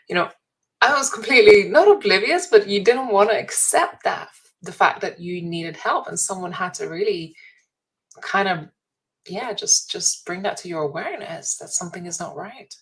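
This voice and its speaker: A woman's voice: on the low side, rough recording. A woman hosting an interview, reflective and thoughtful, setting up topics and leading into questions for her guest. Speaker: interview host. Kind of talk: interview conversation.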